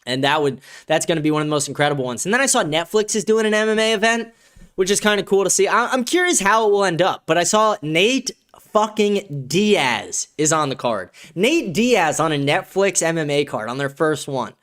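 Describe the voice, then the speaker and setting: A man hosts a podcast in loose, casual chat with a fairly high-pitched voice. He is excitable and profane and laughs often as he answers viewer comments. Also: fairly quick. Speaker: podcast host.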